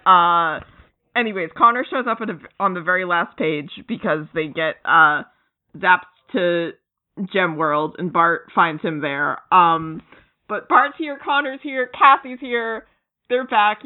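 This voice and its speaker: A podcast co-host gushing about a comic in casual chat, rambling with lots of fillers and acting out characters' lines. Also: medium pitch. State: giddy, laughing through words. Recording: tinny phone-like line.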